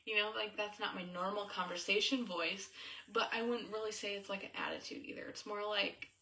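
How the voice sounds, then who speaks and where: Bright-voiced woman coach, chatty. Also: medium pitch, steady tone, fairly quick. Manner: chatty, loose, many "like"s and "um"s. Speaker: Christian marriage coach. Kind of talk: casual teaching talk to camera. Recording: voice a bit distant from the mic.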